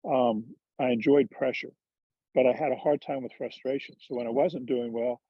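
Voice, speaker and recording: A man's voice: medium pitch, fairly even intonation, moderate pace, slightly rough, no room sound. A man, a former touring golfer and TV commentator, telling candid, self-deprecating stories in a casual interview. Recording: dull lo-fi dry sound.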